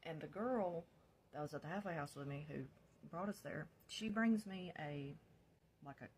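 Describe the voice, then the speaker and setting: Speaking at a normal speed, this woman has a low, darkish voice, and the recording carries a little hiss or hum. She recounts her own history openly and casually, with occasional laughter and a whisper whenever she repeats her own words.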